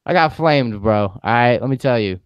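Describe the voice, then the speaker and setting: A man's voice: mid-range voice, animated, normal speed, smooth, dry recording, muffled recording. A young man co-hosting a podcast, telling funny stories in laid-back, joking casual banter with casual swearing. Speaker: podcast co-host.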